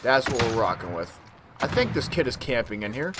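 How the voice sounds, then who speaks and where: A man's voice: medium pitch, very animated, brisk, background noise. A man giving casual gameplay commentary, trash-talking with lots of slang. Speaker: gaming YouTuber. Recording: game gunfire loud in background.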